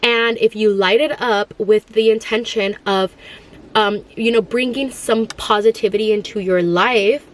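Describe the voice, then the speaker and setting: A woman's voice: medium pitch, fairly even intonation, a little slow. Rambling woman in her thirties telling a story. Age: 30s. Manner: rambling, heavy use of "like" fillers; mixes in Spanish phrases. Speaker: vlogger. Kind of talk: casual storytime monologue.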